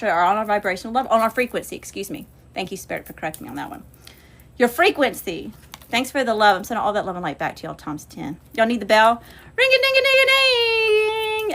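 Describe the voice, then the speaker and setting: A woman's voice: mid-range voice, a bit bright. Woman, livestream tarot host, casual, profane, chatty, calls viewers y'all. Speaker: spiritual channeler and livestream host.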